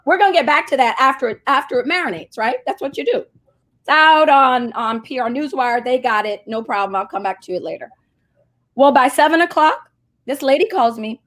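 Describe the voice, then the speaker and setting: A woman, a marketing agency CEO, telling a story as a guest in a casual interview and acting out the voices she quotes. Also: high-pitched. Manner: animated, acts out quoted voices.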